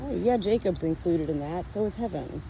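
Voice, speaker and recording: A woman's voice: on the low side, animated, moderate pace, background noise. A woman vlogging on her farm, talking earnestly to the camera and to her animals as she walks. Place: outdoors on a farm, then indoors with animals.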